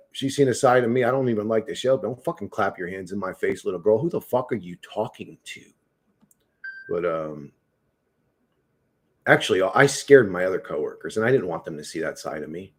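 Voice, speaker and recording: A man's voice: mid-range voice, a little mellow. A man in casual conversation, telling a rambling, profane story full of restarts and asides. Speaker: podcast host. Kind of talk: casual chat.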